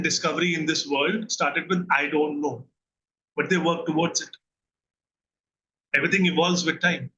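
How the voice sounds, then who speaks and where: A man's voice: fairly high pitch, pushed and bright, a little hiss or hum, low-quality recording. A man with an Indian English accent, a therapist giving an earnest lesson and often checking in with his listeners. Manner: earnest teaching, asks listeners questions and checks in. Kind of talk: recorded mental health lesson.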